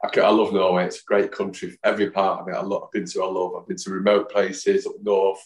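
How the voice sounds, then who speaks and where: A man in his fifties with a low, deep voice, spinning rambling anecdotes as a podcast guest. He jumps into the voices of the people in his stories. The room adds a noticeable echo. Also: flat delivery, fast talker. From Manchester, England. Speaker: podcast guest, football fan. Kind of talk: anecdotal storytelling. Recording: roomy echo.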